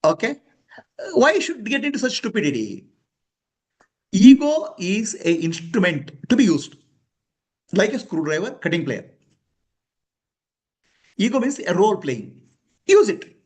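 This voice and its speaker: A man's voice: high voice, very animated, unhurried, long pauses, darkish tone. A man giving a spiritual discourse to students, emphatic and questioning, chuckling often. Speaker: spiritual teacher.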